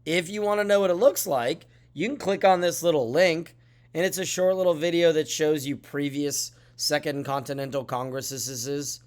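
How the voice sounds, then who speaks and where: A man's voice: on the high side, normal speed. Chatty, tired male teacher. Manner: chatty, lively, jokey asides. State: tired, yawning. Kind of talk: classroom lesson walkthrough.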